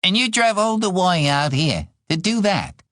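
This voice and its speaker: A proud, sharp-tongued young widow who snaps and bristles, voiced by a man narrating an audiobook, her pitch swooping lively. She speaks slow and deliberate in a dry, close sound. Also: no echo. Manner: curt, exasperated, quick to snap. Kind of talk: audiobook character voice.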